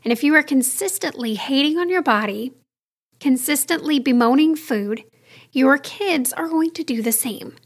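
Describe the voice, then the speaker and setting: A high-voiced woman in her thirties hosts her own podcast alone. She speaks candidly and chattily, straight to her listeners, as if confiding in friends. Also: moderate pace. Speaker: podcast host. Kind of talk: solo podcast monologue.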